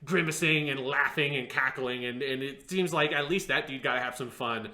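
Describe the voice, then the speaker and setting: Bright-voiced man rambling in an echoey room. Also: medium pitch, moderate pace. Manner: rambling, hesitant, lots of fillers, mocking impressions. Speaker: podcast co-host. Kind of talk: casual review discussion.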